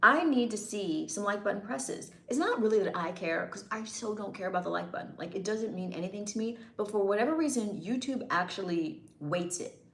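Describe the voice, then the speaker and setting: A woman's voice: mid-range voice, expressive, a little fast, fairly bright tone. Teasing female streamer bantering with chat, roomy echo. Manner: playful, teasing, bantering with commenters. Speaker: livestream host reading chat. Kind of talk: casual live chat.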